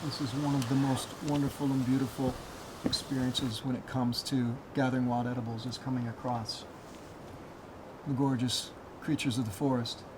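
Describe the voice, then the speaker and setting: A man outdoors by a fishing lodge, speaking in a calm, steady voice as a show host. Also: normal speed. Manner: calm, low-key, steady. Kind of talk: calm narration to camera. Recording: noisy outdoor recording.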